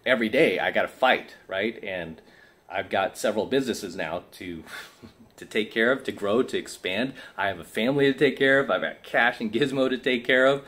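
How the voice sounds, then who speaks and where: A man's voice: on the low side, a bit bright. A tired man giving an assertive, preachy coaching monologue to camera, often asking "right?". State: tired from lack of sleep. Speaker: self-help coach.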